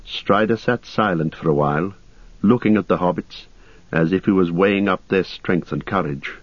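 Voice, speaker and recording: A man reading an audiobook in a steady, measured storytelling voice, on a dull lo-fi recording. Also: low voice, dry recording. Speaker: audiobook narrator. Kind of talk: scripted narration.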